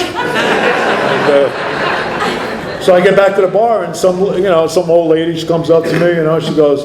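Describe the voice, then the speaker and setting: A man's voice: a little high, steady tone, moderate pace, crowd noise. A man speaking at an AA meeting, telling his recovery story in a rambling, self-mocking way. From New Jersey. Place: meeting room. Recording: echoey meeting room.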